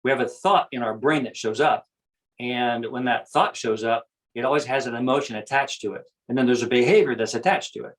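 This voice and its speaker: In a rough recording, a man of medium pitch speaks a little fast as a guest on the topic of self-awareness. He explains his ideas earnestly and conversationally, often circling back to repeat his phrases.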